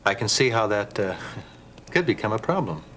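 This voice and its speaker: An actor playing an easygoing physical therapist in a TV drama, speaking calmly. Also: male voice, fairly low pitch, normal speed, a little hiss or hum, poor audio. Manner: calm and easygoing. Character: easygoing, self-aware male physical therapist. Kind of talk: daytime TV drama acting.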